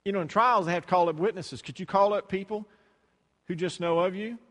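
A man preaching to his congregation with a fairly high voice. He talks loosely and conversationally, repeats words and acts out dialogue. The long reverb of a church hall hangs behind him. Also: brisk, fairly bright tone. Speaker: pastor. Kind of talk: sermon.

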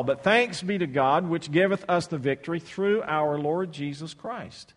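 A man preaching a sermon in a hall with a long reverb tail. His voice sits a little high for a man. He swings between booming, drawn-out scripture reading and hushed, low-spoken asides, repeating words as he restarts.

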